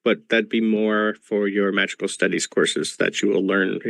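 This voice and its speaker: A man lectures his players as a school professor, slowly and patiently, filling pauses with ums. His voice sits in the middle range for a man. The sound is dry and close, picked up over a video call. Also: on the low side, level tone, gravelly, a bit bright, no echo. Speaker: game master playing a professor. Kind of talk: narrating a tabletop game over a video call.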